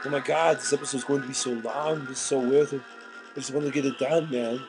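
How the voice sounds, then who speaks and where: A man with a sick, hoarse voice, making crude jokes as he talks over a video game. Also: medium pitch, fairly quick, music in the background. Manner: joking, crude and excitable. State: hoarse from illness. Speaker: let's player. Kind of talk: casual gameplay commentary. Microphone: desk microphone.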